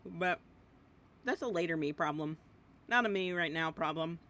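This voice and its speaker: At a moderate pace, a woman with a fairly low, fairly bright voice streams a video game, rambling and giggling as she jumps from one topic to another. She talks while eating, mumbling "yum" and "nom" to herself.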